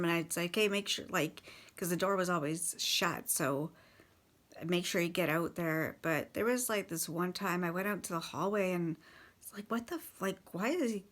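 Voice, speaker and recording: Woman, casual storytelling, halting, blunt swearing, slightly low voice. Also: a bit bright. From Canada. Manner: halting, many restarts and fillers, blunt swearing. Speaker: partner of a recovering alcoholic.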